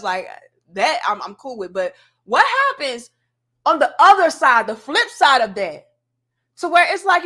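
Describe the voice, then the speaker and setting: A woman's voice: high-pitched, sing-song, measured pace, sharp tone. A woman hosting a casual commentary show, talking emphatically and straight to her audience like she is lecturing them.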